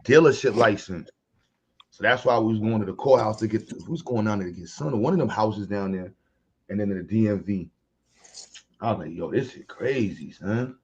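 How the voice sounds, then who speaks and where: A husky-voiced man with a New York accent tells animated stories in loose, profane slang. His pitch sits in an ordinary middle range, and the audio comes through dull and lo-fi. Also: fairly quick, pauses often. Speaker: podcast panelist. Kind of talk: casual chat.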